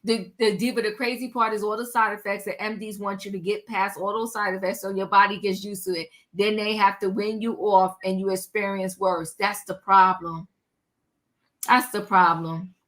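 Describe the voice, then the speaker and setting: A woman's voice: mid-range voice, flat delivery, brisk, few pauses. A woman hosting a casual commentary livestream, chatty and slangy, greeting her viewers and exclaiming as she goes. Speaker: livestream host.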